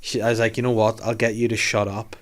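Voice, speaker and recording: A man's voice: fairly low pitch, quick pace. A young man, hosting a podcast in casual chat, swearing freely and acting out voices as he tells stories. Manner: swearing, acts out voices, bursts loud when excited. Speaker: podcast host.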